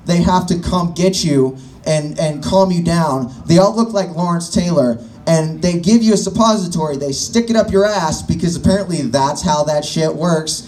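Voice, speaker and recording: High-voiced brash stand-up comic man. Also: normal speed, few pauses, darkish tone. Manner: brash, crude and self-mocking, addressing the crowd directly. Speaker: stand-up comedian. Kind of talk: stand-up comedy set. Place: bar comedy stage. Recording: distant mic with faint room noise.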